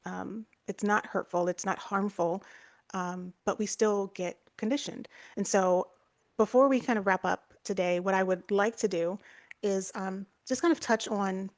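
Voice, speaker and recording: A woman's voice: medium pitch, fairly even intonation, moderate pace. A woman co-hosting a podcast, explaining ideas in a casual, chatty way with lots of fillers and restarts. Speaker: podcast co-host.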